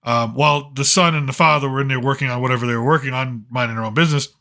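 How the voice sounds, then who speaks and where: A man's voice: medium pitch, fairly even intonation, very fast, vocal fry, bright, forceful tone. A man hosting a casual late-night monologue, telling rambling, digressive stories and circling back with "so anyways". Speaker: host.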